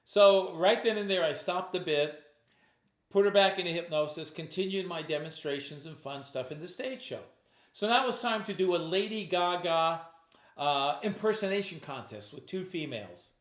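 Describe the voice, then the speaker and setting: A man's voice: sits high, expressive, moderate pace, roomy sound. A stage hypnotist telling a true story from his shows in a casual, conversational way, often quoting himself. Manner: conversational, with restarts and acted quotes.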